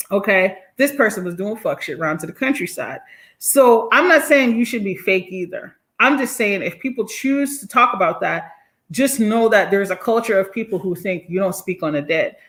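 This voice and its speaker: A woman hosting a casual live stream, reading viewer comments aloud, blunt and animated, often laughing and swearing. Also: a little high. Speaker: livestream host reading chat comments.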